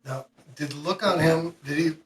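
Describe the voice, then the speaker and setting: A man playing a tabletop game on a stream, asking the game master halting questions. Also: a little high, soft background music. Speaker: player. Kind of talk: casual chat at a game table.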